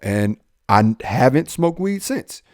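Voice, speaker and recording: A young adult man, a police officer, telling his own life story in an animated way, jumping up in pitch when he quotes people. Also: a little slow, no room sound, studio quality. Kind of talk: personal storytelling in a podcast talk.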